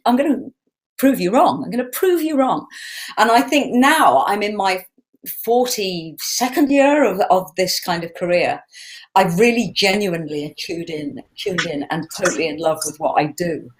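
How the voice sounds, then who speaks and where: A woman in her sixties, a singer chatting casually through a fan Q&A, lively and laughing as she tells stories. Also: lowish voice, normal speed, low-quality recording. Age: 60s. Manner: chatty, animated and laughing when telling stories. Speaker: singer hosting a live Q&A. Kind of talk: casual chat answering fan questions.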